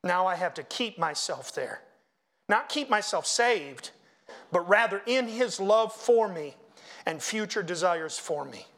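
Middle-aged male pastor, high voice, preaching in church with big swings between quiet and loud. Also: lively intonation, a little slow. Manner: preaching with swings from hushed to loud, chanting hymn lines. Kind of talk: sermon.

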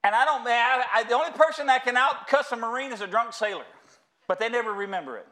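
The pastor, a middle-aged American, speaks quickly in a very high, sharp-toned voice. His sermon is funny and folksy, told through stories, and he refers to the congregation as y'all.

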